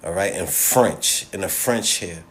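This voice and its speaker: A man with a somewhat low voice talks straight to his viewers in an impassioned, casual monologue. He hammers his points through repetition, stumbles into restarts and keeps checking in with his listeners. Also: unhurried. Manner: emphatic and repetitive, with many restarts and "all right?" check-ins. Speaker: social media commentator.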